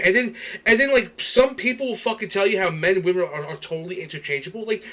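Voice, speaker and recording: A man's voice: sits high, fast, few pauses, bright, forceful tone, low-quality recording. A man ranting in casual commentary, swearing often and stammering as he repeats words. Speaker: streamer reacting to a video.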